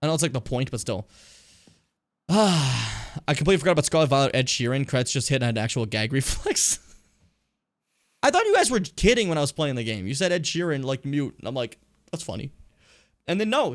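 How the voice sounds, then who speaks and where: A man's voice: mid-range voice, big pitch swings, a little fast. A man streaming a game, chatting in a loose, rambling, self-deprecating way and swearing freely. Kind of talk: casual live-stream commentary.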